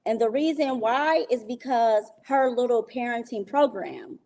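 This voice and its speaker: A woman with a fairly high voice tells a personal story as a guest. She talks casually and with animation, and she acts out the people she quotes. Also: expressive, measured pace, mellow. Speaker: guest recounting an experience.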